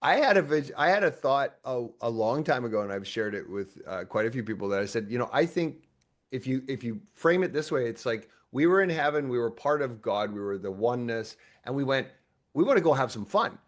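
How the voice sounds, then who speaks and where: Lively-voiced male podcast host. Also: mid-range voice, fairly quick. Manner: animated, playfully acts out imagined dialogue; frequent restarts and laughter. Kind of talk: casual conversational interview.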